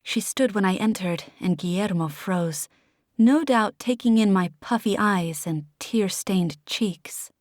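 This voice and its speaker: A woman narrating a fantasy audiobook in the first person, with emotional, expressive storytelling. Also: mid-range voice, measured pace, no echo, studio quality.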